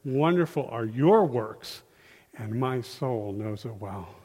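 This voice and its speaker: A man giving an informal, animated sermon, acting out quotes in a folksy way, on a handheld mic in a church hall. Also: mid-range voice, slow pace, breathy edge. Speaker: lay preacher. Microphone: handheld microphone. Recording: long reverb of a hall.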